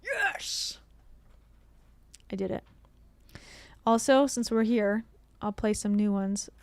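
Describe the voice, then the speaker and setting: A woman's voice: mid-range voice, fairly even intonation, unhurried, a little mellow. A woman hosting a casual livestream commentary, chatty and rambling, with sarcastic asides and frequent laughs.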